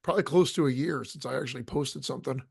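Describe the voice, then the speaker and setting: A man's voice: medium pitch, quick pace, vocal fry, husky, dry recording, clean studio sound. A man co-hosting a podcast, talking frankly and plainly in casual chat, with the odd curse. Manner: frank, matter-of-fact, profane. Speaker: podcast co-host.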